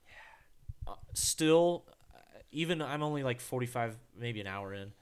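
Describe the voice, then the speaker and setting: A man co-hosting a podcast, chatting casually with a smooth, clean-sounding voice. He rambles, restarts his sentences and drops the odd swear word. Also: medium pitch, expressive, moderate pace. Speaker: podcast co-host. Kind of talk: casual chat.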